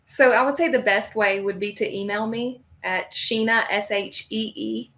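A woman's voice: a little high, normal speed, fairly bright tone. Upbeat Southern woman guest. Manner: casual and upbeat, many likes. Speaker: guest, practice consultant. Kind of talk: interview chat.

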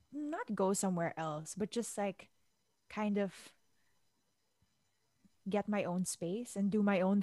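Casting note: relaxed woman podcast co-host, friendly and supportive, dry close-miked sound. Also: mid-range voice, no echo. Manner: chatty, supportive, says "like" and "dude". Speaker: podcast co-host reading listener letters. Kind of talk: casual advice chat.

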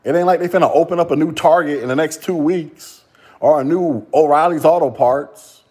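A man's voice: on the high side, normal speed, darkish tone, husky. Mocking man ranting on a podcast. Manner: mocking, laughing, profane, rhetorical questions. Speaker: podcast host. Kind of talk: solo podcast rant.

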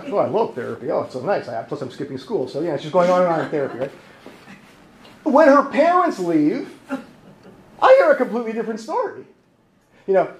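Male therapist presenting, lively and funny, high animated voice, echoey hall, faint noise. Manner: lively and joking, acts out voices. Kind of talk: humorous conference talk. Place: conference hall.

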